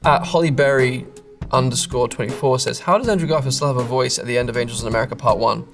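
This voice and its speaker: Over music, an English actor in his thirties reads out internet comments and answers them casually at a quick pace. His mid-range voice rambles and interrupts itself, with occasional laughs at his own expense.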